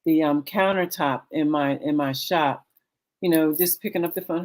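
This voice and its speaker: A middle-aged woman on a video call telling her story with many pauses and fillers, acting out the dialogue she recalls. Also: low voice, a little mellow. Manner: halting, many fillers, acts out quoted dialogue. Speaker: guest sharing her story. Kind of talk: candid conversational storytelling.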